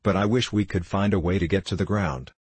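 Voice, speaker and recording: Man doing a young girl, earnest and excited, low husky voice. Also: a little fast, dry recording. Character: young girl, curious and brave.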